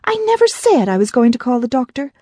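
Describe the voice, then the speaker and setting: A woman voicing a fiery young woman defending her farm, sharp and indignant. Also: on the high side, sing-song, fast talker, slightly rough, dry recording, studio quality, voice pushed up. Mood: furious.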